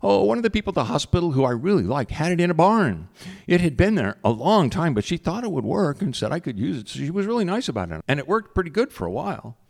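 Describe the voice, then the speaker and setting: A man voicing an excitable, shy young psychic man who speaks high and eager. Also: quick pace, creaky, exaggerated voice. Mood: chatty.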